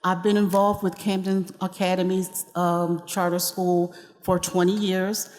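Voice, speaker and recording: A woman's voice: on the low side, little pitch movement, measured pace, darkish tone. A woman and parent giving a plain, matter-of-fact public comment at a school board meeting. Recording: reverberant hall.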